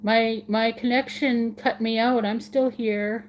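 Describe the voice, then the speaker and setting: A woman's voice: on the high side, fairly even intonation, slow, slight background noise. A woman hosting a casual live stream, chatting with viewers in a giggly, playful way and repeating words for fun.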